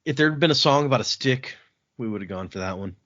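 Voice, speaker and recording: A man hosting a podcast, recapping chapters in a casual, animated way with frequent laughs and restarts. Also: medium pitch, fast talker. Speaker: podcast host recapping a book. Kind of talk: casual book-club chat. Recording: dull lo-fi podcast audio.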